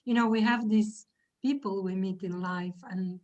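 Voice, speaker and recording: A woman translator speaking on a video call in an earnest, halting way, with frequent pauses. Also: medium pitch, fairly even intonation, darkish tone, poor audio. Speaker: book translator. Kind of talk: casual video call chat.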